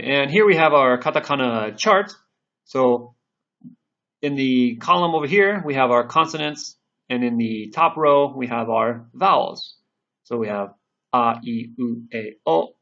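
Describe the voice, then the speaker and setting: A man with a mid-pitched voice narrates a recorded language lesson over slides. He speaks patiently, slowing down to drill each syllable aloud. The recording sounds a little muffled and lo-fi. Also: fairly bright tone. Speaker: Japanese language teacher.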